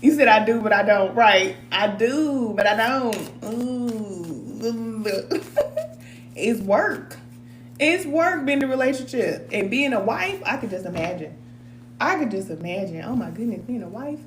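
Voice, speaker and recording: A woman's voice: a little high, expressive, unhurried, reverberant, a little hiss or hum. A woman, chatting casually on a live stream, laughing often and reading viewer comments aloud. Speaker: spiritual advisor reading cards for a live chat.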